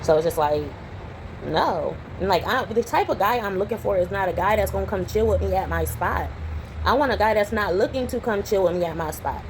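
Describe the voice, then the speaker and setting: A young adult woman, chatting casually to camera at home as a vlogger and telling stories in a lively way. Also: mid-range voice, a little fast, a little hiss or hum, rough recording. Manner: chatty storytelling, animated when retelling. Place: home, indoors.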